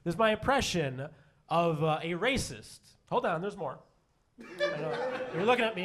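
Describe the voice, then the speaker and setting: A man doing a stand-up comedy set, self-deprecating and halting, with many fillers and restarts. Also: high-pitched, lively intonation, fairly bright tone. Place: comedy stage before a live audience.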